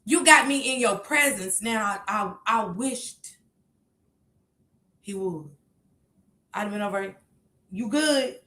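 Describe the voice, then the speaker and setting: A woman from Kentucky giving casual, emphatic reaction commentary as a streamer, swinging from loud outbursts to quiet asides. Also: medium pitch, slow pace, pauses often, reverberant.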